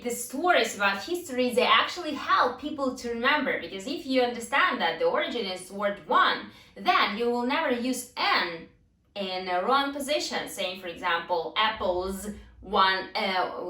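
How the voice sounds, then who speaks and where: Woman teaching grammar, bright voice, echoey room, kinda far from the mic. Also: mid-range voice, lively intonation. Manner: explains slowly with many fillers and restarts, asks and answers her own questions. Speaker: English teacher. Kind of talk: online grammar lesson.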